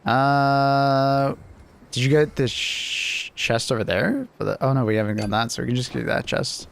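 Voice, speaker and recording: A man's voice: mid-range voice, moderate pace, gravelly, a little hiss or hum. A man streaming a video game and chatting casually with a friend, loose and joking, swearing freely. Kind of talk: casual gaming chat.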